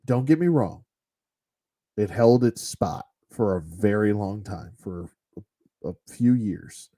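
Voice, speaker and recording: Man, toy collector, casual unscripted review, rambling, blunt, mellow tone. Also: fairly low pitch, animated, takes it slowly. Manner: rambling and blunt, with mild cursing.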